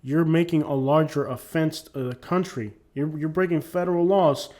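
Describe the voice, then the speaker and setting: A young man from Cuba gives casual commentary with a slightly high voice. He talks in an emphatic, preachy way and addresses his viewers directly. When he reads a letter aloud, his delivery turns formal. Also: moderate pace, a little mellow.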